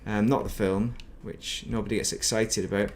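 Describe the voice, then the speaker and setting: A man's voice: on the low side, steady tone, normal speed, a little hiss or hum. A middle-aged man chatting casually while streaming a game, rambling and reminiscing and muttering to himself. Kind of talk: casual gaming stream chat.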